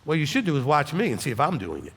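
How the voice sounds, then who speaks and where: A man's voice: a little high, huge pitch swings, very fast, fairly bright tone, husky, long reverb tail. A man with a Southern US accent, a rabbi from Alabama answering congregants' questions conversationally and often adding "okay?" for emphasis. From Alabama, USA. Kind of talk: congregational Q&A teaching. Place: congregation hall.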